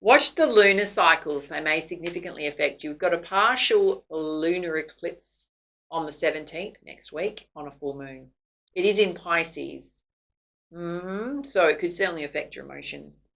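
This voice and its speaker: A woman's voice: deep voice, normal speed, gravelly, a bit bright, low-quality recording. A woman doing a casual tarot reading to camera, chatty and laughing often. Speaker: psychic tarot reader.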